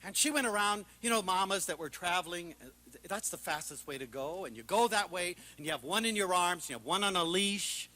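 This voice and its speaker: A man giving a passionate public talk, telling lively stories and swinging from loud outbursts to hushed asides. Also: high-pitched, a little fast, hardly any pauses, slight background noise. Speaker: lecturer.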